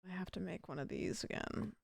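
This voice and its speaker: A woman's voice: lowish voice, brisk, creaky. A young adult woman streamer chatting casually during gameplay, goofy and joking with rambling asides. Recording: noisy game stream audio.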